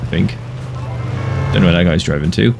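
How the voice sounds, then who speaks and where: A man's voice: sits low, normal speed, creaky, background noise. A man giving casual, profane, joking commentary while playing a video game and talking back to it. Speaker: gamer streamer. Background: game music.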